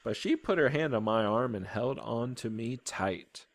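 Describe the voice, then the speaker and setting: Expressive man reading a storybook. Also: medium pitch, measured pace, no room sound. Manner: expressive read-aloud. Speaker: storybook reader. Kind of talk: reading a children's novel aloud.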